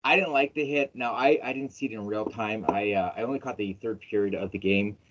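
A man hosting a casual sports podcast, telling stories in an animated, emphatic way with plenty of swearing. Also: lowish voice, brisk. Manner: animated, emphatic storytelling, profane. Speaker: podcast host. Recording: dull lo-fi audio.

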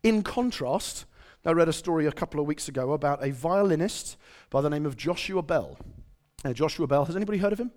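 A man's voice: on the high side, animated, brisk, darkish tone. A man preaching a conversational sermon, quizzing his audience and telling stories.

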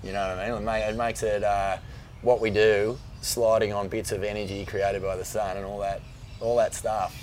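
A middle-aged Australian man, a magazine editor, telling stories in a rambling, animated way on a casual podcast. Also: fairly low pitch, normal speed, slight background noise. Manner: animated storyteller, rambling with fillers. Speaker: guest, surf magazine editor.

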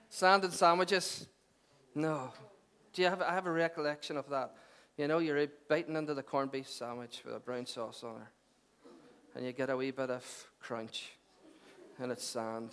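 Conversational pastor, joking then earnest. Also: male voice, medium pitch, smooth. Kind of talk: sermon.

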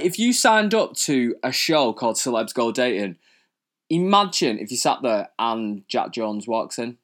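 A young man rants for laughs straight to camera. His delivery is camp and theatrical, peppered with swearing, and his pitch sits in a middling range. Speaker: host. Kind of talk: comic rant to camera.

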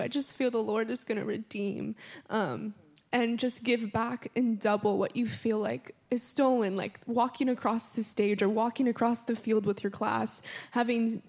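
A woman's voice: a little high, flat delivery, moderate pace, a little mellow. A woman giving words of knowledge and leading an earnest, emotional prayer with many fillers. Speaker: prayer minister. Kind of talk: spontaneous prophetic prayer.

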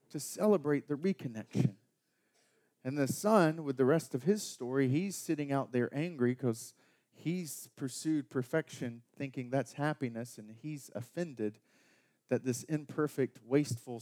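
A man in his thirties preaching a sermon as pastor, swinging between loud emphatic lines and hushed, quiet ones. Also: a little high.

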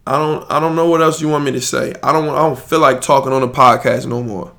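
A man's voice: mid-range voice, fairly even intonation, quick pace, a bit bright. A man hosting his podcast, ranting in a heated, profane and slangy way. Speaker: podcast host. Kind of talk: live emergency podcast rant.

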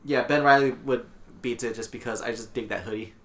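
A man's voice: mid-range voice, fairly quick, a little hiss or hum. A man hosting a casual chat among friends, rambling with lots of fillers as he explains. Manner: rambling, filler-heavy, relaxed. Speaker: podcast host leading the segment.

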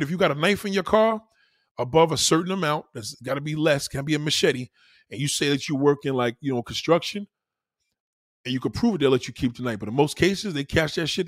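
A middle-aged man riffs through a loose, profane monologue, jumping between thoughts and doing little voices for the people he quotes. His voice sits a touch high for a man. The sound is close and dry, with no room around it. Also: fast talker, dry recording. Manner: animated, profane, rambling with many restarts and acted-out quotes. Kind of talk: casual monologue.

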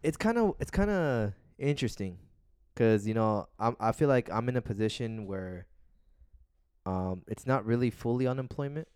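A man's voice: medium pitch, lively intonation, normal speed, darkish tone, smooth, no room sound, studio quality. A man co-hosting a podcast, talking in a loose, rambling, laid-back way and swearing casually. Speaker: podcast co-host.

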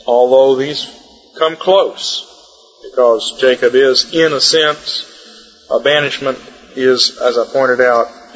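A male Bible teacher lectures with emphatic explanations and repeats his key points. His voice is husky and sits a little high. It carries a long hall echo over a dull, muffled sound. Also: a bit bright.

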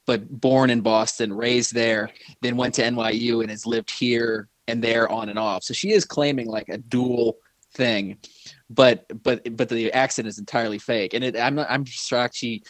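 A man's voice: mid-range voice, steady tone, moderate pace, dry recording. Male podcast host, gossipy rambling delivery, dry close sound. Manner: rambling, gossipy, frequent restarts. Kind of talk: casual chat.

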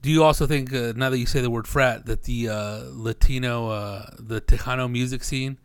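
A man's voice: medium pitch, steady tone, moderate pace, clean tone, no echo. A man co-hosting a casual podcast chat, chiming in with profane agreement and questions.

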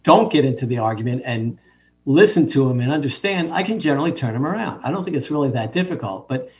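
A man's voice: medium pitch, lively intonation, fast, a little mellow, far from the mic. Guy doctor rambling through a story, stops and restarts a lot, dull lo-fi sound. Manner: anecdotal, with frequent self-interruptions. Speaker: physician guest. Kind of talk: casual storytelling conversation.

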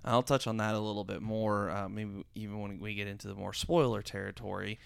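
Male co-host, mid pitch, smooth clear tone, dry close sound; loose, rambling casual talk. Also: little pitch movement, brisk, no room sound. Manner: rambling, many fillers and restarts. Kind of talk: casual review chat.

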